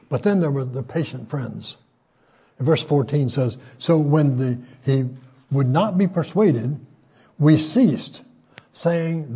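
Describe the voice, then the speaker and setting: Older preacher with a husky, mellow voice. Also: male voice, on the high side. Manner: folksy, conversational, frequent hesitations; voice rises when quoting scripture. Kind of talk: sermon.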